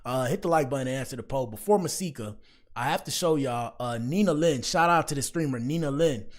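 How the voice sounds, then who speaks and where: A man's voice: mid-range voice, a little fast. Slangy man hosting a livestream. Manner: rambling, slangy, addresses chat often with "bro". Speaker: livestream commentary host. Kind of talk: casual livestream commentary.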